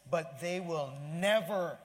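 A man preaching a sermon as pastor, exclamatory and animated, swinging between loud outbursts and hushed asides. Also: fairly high pitch, takes it slowly. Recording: long hall reverb, faint room ambience.

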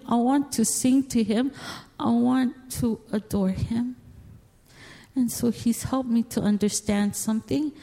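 Woman, church testimony, slow and earnest, gravelly, reverberant hall. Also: on the high side, mellow. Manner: earnest, emotional, repetitive phrasing. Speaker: church guest speaker giving testimony. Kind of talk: heartfelt spoken testimony. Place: church sanctuary. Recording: long reverb of a large hall.

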